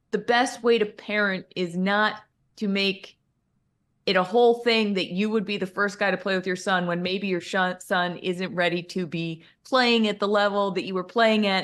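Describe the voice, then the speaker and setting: A woman co-hosting a sports talk show, animated and sarcastic in casual chat. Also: medium pitch.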